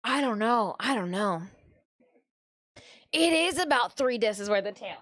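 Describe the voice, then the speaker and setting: Woman streamer rambling slow and loose, high voice, lots of likes. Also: expressive, fairly bright tone. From Michigan, USA. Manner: chatty, easily distracted, fond of filler "like". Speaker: streamer and cosplayer. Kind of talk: casual live-stream chat.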